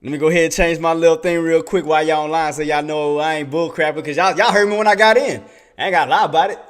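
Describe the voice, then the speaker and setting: An excitable man talking through his trades on a live stream in a slightly high voice. He is chatty, laughs often with his viewers, and mutters under his breath while he hunts around his screen. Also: fast talker. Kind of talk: casual livestream trading commentary.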